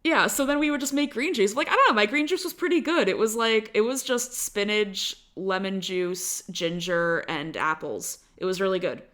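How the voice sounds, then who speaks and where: A woman's voice: mid-range voice, animated, moderate pace, few pauses, fairly bright tone. A young adult woman co-hosting a podcast, telling stories in a chatty, casual way with a lot of "like" fillers. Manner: chatty storytelling, heavy on "like" fillers. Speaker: podcast co-host. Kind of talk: casual chat.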